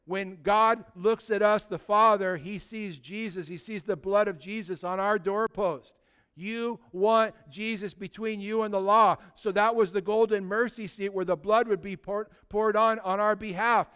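With a clean tone and a voice that sits high, a male pastor preaches at a measured pace. He is animated and conversational, leaning on rhetorical questions and swinging between booming emphasis and hushed delivery.

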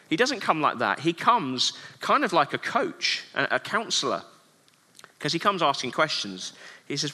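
Earnest preacher with a bright voice. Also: male voice, a little high, sing-song, normal speed, long reverb tail. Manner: earnest, many rhetorical questions. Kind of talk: sermon.

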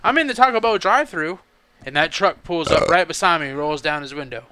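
High bright-voiced man telling a story. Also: a little fast, smooth. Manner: swearing, repeats himself, lots of "he was like". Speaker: podcast co-host. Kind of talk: casual storytelling chat.

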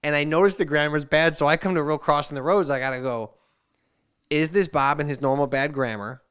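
A man's voice: fairly high pitch, brisk, a bit bright, clean tone. A man hosting a podcast, telling a rambling anecdote in casual chat and acting out the messages he quotes. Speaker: podcast host.

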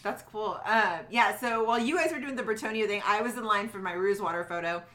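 A woman co-hosting a podcast in casual chat, telling animated stories and acting out quotes. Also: mid-range voice, fairly quick. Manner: animated storyteller, acts out quotes with laughs. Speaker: podcast co-host.

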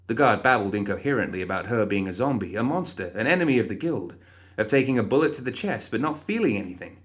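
Low-voiced man narrating a story. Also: lively intonation, fast.

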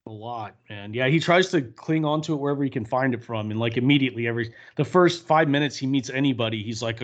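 A man's voice: medium pitch, quick pace, hardly any pauses. A man co-hosting a podcast, chatting loosely and profanely about a film with friends. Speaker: podcast co-host. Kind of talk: casual film discussion. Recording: muffled lo-fi audio.

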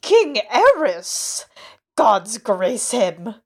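A woman's voice: a little high, big pitch swings, moderate pace, a bit bright, voice pushed up. A woman reading aloud as an old male peasant, hissing and outraged. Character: old male peasant, bitter and loyal to the old king.

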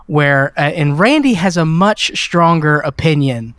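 A man's voice: on the high side, expressive, measured pace, a bit bright, no echo, clean studio sound. A man from Mississippi co-hosting a casual film podcast, wry and teasing, talking with restarts. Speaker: podcast co-host.

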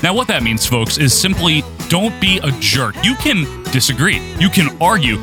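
A man's voice: a little high, big pitch swings, normal speed, over music. A man hosting a casual podcast, talking in an upbeat, announcer-like way. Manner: upbeat, announcer-like sing-song intro. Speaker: podcast host.

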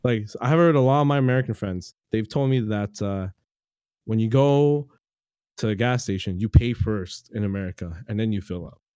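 A man's voice: lowish voice, moderate pace, a little mellow, smooth, dry recording, clean studio sound. A man chatting casually on a podcast, telling loose stories and acting out the people in them, laughing easily. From Canada. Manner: loose storytelling, laughs easily, acts out quoted voices.

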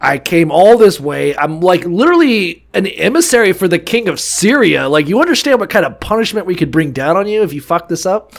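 A man's voice: high-pitched, sing-song, a little fast, vocal fry, hardly any pauses, exaggerated voice. A man voicing a proud, indignant foreign commander who rants and swears. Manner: profane, ranting.

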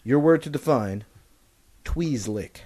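A man's voice: medium pitch, animated, takes it slowly, a little mellow. A man hosting a casual comedy podcast game, playful and laughing often. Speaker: podcast host running a word game.

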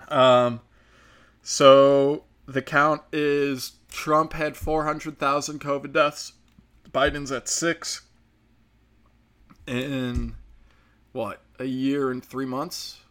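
A man with a bright, forceful tone delivers a loose, unscripted rant as a podcast host. He swears freely and sounds sarcastic and heated, at a middling pitch. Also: steady tone, slow, pauses often. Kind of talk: casual ranting monologue.

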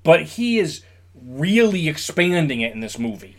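A man's voice: fairly high pitch, big pitch swings, moderate pace. A man co-hosting a podcast, casually walking through a film's plot and sizing up the acting. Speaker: podcast co-host. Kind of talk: casual chat reviewing a film.

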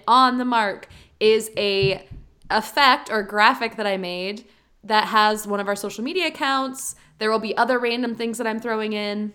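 A woman co-hosting a relaxed podcast, her voice a little high. She laughs often and turns earnest when she asks listeners for favors. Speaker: podcast co-host. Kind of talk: casual chat.

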